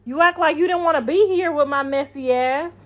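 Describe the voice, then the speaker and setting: A woman's voice: high-pitched, brisk. Blunt middle-aged woman, lo-fi livestream. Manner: blunt, profane, sassy. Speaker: livestream host. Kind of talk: casual livestream chat, reading comments. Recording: dull lo-fi livestream audio.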